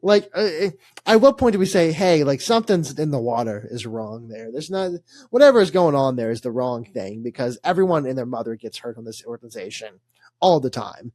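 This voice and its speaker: A man's voice: medium pitch, expressive, fairly quick, darkish tone, no echo. A young man, co-hosting a casual sports podcast and telling a rambling story full of laughs and fillers. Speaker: podcast co-host.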